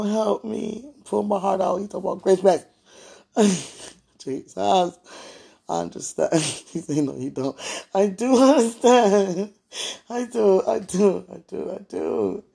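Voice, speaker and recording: A woman with a rough, gravelly voice and a very husky, breathy tone, speaking in casual spoken prayer and chat. Her talk rambles informally and swings between near-whispers and louder stretches. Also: mid-range voice. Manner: rambling and informal, drifting between hushed and loud.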